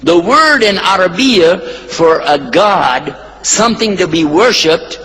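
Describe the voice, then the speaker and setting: A man's voice: high-pitched, animated, takes it slowly, a bit bright, long reverb tail, slight background noise, low-quality recording. A man giving a playful Islamic lecture to a live audience, drilling them to repeat words back.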